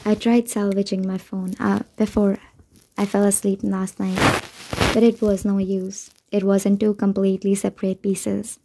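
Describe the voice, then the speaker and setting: A woman narrating a novel in the first person, in an even, measured reading. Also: mid-range voice, vocal fry, heavy background noise. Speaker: audiobook narrator.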